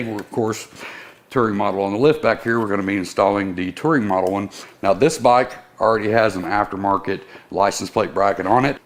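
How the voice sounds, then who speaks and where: A man, a service technician, casually walking through a motorcycle part install step by step in a workshop. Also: on the low side. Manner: casual, step-by-step instructional, friendly shop talk. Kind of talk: how-to install demonstration.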